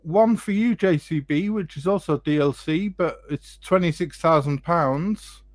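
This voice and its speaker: Slow-talking male watch show host. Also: on the high side. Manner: relaxed, jokey, thinks aloud with fillers. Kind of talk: casual live chat.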